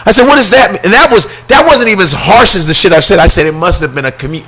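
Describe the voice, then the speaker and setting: A man's voice: high voice, expressive, fast, sharp tone, breathy edge, faint music behind. A man telling a story on a podcast in a casual, profane, ranting way. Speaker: guest comedian.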